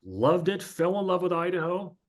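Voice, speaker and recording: A man's voice: sits high, expressive, normal speed. Chatty middle-aged man telling stories. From northern New Jersey. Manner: chatty, anecdotal, frequent fillers. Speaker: podcast guest, former sportscaster. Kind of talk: casual storytelling interview.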